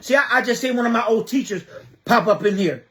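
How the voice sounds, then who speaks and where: High-voiced man with an emphatic, repetitive plea. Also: brisk, a bit bright. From Trenton area, New Jersey. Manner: emphatic, repeats rhetorical questions. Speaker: community advocate. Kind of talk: impassioned livestream monologue.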